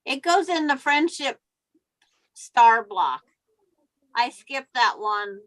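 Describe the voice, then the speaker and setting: A woman's voice: on the high side, expressive, slow, a bit bright, dry recording, low-quality recording. A woman hosting a quilting live stream, chatting casually and explaining her sewing steps. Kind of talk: casual chat. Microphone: computer mic on a video call.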